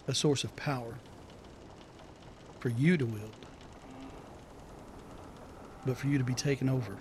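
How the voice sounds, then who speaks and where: Man voicing a weary knowing warrior, earnest, cautionary, mid-pitched. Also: darkish tone, a little hiss or hum, lightly acted.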